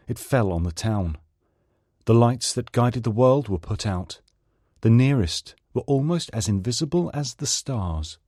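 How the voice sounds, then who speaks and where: A man from Manchester, England, reading a story aloud in an expressive, dramatic style. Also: fairly low pitch, no room sound, studio quality. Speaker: story reader. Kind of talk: audiobook narration.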